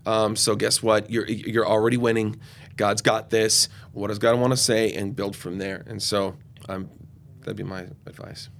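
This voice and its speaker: An enthusiastic, loud man in his forties, talking off the cuff as a ministry guest in an interview. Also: lowish voice, level tone, normal speed, a little hiss or hum. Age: 40s. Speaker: guest youth and young adult ministry leader. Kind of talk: podcast interview conversation.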